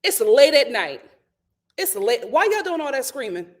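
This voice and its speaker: A woman with a fairly high voice that swings widely in pitch, hosting a casual live stream from home. She reads out viewer comments and breaks into animated, laughing outbursts. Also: moderate pace. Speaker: live stream host reading chat.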